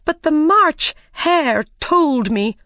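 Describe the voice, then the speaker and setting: A woman's voice: high-pitched, expressive, slow, a bit bright, no echo, studio quality, pitched above the performer's own voice, heavily acted. A woman doing a nervous storybook hatter. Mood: anxious. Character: nervous male hat-seller, fearful.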